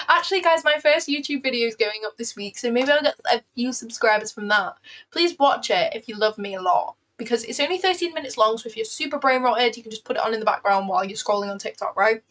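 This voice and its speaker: A woman's voice: a little high, quick pace, fairly bright tone. A young British woman chatting casually while trading on a livestream, talkative and self-deprecating, often repeating herself. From Britain. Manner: chatty, self-deprecating, repeats phrases, breaks into playful singing. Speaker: livestreaming day trader. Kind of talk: casual live-stream chat.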